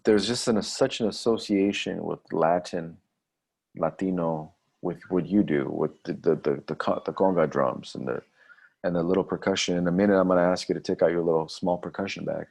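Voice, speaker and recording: A man with a very deep voice and a gravelly rasp hosts a casual livestream chat. He asks probing questions and tends to repeat them as he presses his point. His tone stays conversational throughout. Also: a little fast, darkish tone. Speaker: livestream host.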